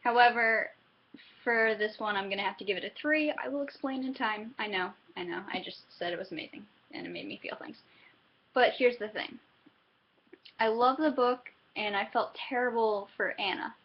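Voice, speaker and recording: A chatty young woman reviewing a book in a casual vlog, her voice a little high and slightly husky. She keeps interrupting herself and laughing as she talks. The recording is somewhat dull and lo-fi. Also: moderate pace.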